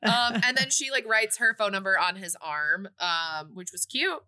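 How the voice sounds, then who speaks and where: A woman with a bright, sharp voice recaps a movie plot for a podcast. She talks casually and with lots of energy, and she drops into playful voices for the characters. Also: medium pitch, normal speed. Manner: animated storytelling with playful quoted voices. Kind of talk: casual chat.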